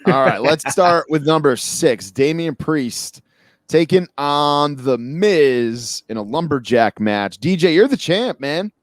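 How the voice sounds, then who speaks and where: A man's voice: fairly high pitch, expressive, no room sound. Chatty man from western Massachusetts. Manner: chatty, joking, quick asides. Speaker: podcast co-host. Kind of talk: casual chat.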